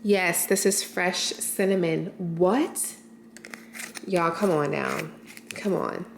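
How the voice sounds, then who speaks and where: A woman's voice: fairly low pitch, slow, creaky. Gushing woman vlogger in a roomy space. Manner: gushing, exclamatory, often addressing viewers as y'all. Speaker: lifestyle vlogger. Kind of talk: excited unboxing chat to camera. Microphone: camera mic. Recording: roomy echo with faint noise.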